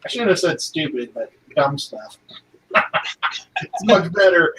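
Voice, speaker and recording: A joking man with a fairly high voice, a guest on a group stream, who teases himself as he chats. He sounds set back from the mic, with faint noise behind him. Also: lively intonation, unhurried, a bit bright, distant mic, low-quality recording. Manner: playful, joking, self-deprecating. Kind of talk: casual chat.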